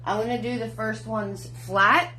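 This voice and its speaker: A middle-aged woman hosts a live online painting class in a voice on the high side, bright and forceful, with fairly even intonation and a slightly slow pace. She's chatty and encouraging, greeting viewers by name as sweetheart and hun. Slight background noise and faint music are present.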